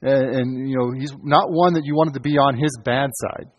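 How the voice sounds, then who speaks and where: A man's voice: mid-range voice, steady tone, normal speed. A man preaching a sermon in an earnest way, restarting phrases often as he retells scripture. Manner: earnest, with frequent restarts and quoted lines. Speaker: pastor. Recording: long hall reverb.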